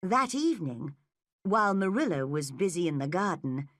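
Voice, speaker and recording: A woman narrating a graded story for English learners, slow, clear and expressive. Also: fairly low pitch, dry recording, clean studio sound. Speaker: audiobook narrator.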